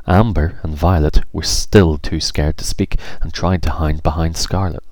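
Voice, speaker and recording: A man narrating a children's storybook in an expressive, measured way. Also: extremely low pitch.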